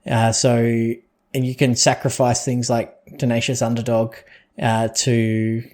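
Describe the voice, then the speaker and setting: A man's voice: medium pitch, little pitch movement, unhurried, a little mellow. A man co-hosting a casual podcast about a trading card game, talking in loose, rambling sentences full of fillers and restarts. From Australia or New Zealand. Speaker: podcast co-host.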